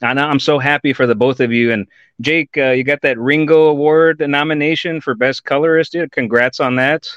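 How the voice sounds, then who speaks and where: Casting note: upbeat male host, smooth clean tone, dry close mic. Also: a little high, fairly even intonation, moderate pace, dry recording, muffled recording. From Texas. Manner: enthusiastic and chatty, says dude and y'all. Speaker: podcast host. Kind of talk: live-stream interview.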